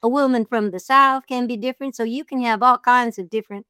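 A woman's voice: a little high, fairly even intonation, bright, forceful tone, smooth, no echo, clean studio sound. A middle-aged woman, a voiceover artist and audiobook narrator, chatting in an interview and telling stories with easy laughs. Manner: chatty, storytelling, quick to laugh. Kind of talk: casual interview chat.

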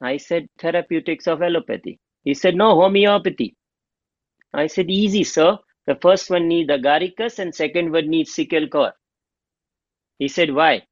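A middle-aged man, a homeopath guest telling an animated story and acting out the dialogue. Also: a little high, moderate pace, dry recording. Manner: animated, acts out quoted dialogue. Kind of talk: storytelling interview. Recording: dull lo-fi dry sound.

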